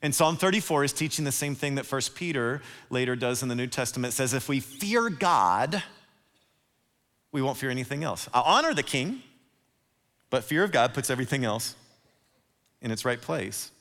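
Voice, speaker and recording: A man preaching a sermon as pastor, animated and acting out the voices he quotes. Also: mid-range voice, normal speed. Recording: long hall reverb.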